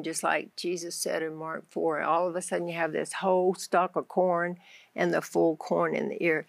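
A woman with a Texan accent tells her faith story on a Christian talk show, speaking in a low, gravelly voice. She tells it with animation, acting out her own prayers as she goes. The sound is dry and close, with no room echo. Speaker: guest author.

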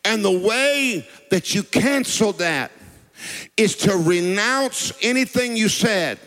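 High-voiced preacher man, sing-song cadence. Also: lively intonation, takes it slowly, fairly bright tone, in a large hall. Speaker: pastor. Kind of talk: sermon.

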